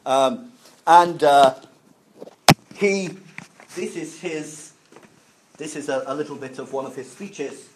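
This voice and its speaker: A man's voice: a little high, low-quality recording. Man lecturing with many filler sounds. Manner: halting, many fillers and restarts, explains simply for learners. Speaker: teacher. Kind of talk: classroom history lecture.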